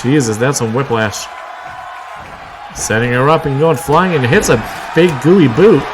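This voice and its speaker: Excitable man calling wrestling play-by-play. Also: medium pitch, measured pace. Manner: excitable, frequent exclamations and wry asides. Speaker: wrestling commentator. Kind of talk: live play-by-play commentary. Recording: clear crowd noise and background noise.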